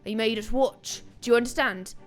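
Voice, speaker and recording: Woman reads a grim war veteran from a game; plain, halting read-aloud over soft music. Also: fairly high pitch, natural voice. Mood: grave. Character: grim male soldier recounting a lost war. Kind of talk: reading game dialogue aloud.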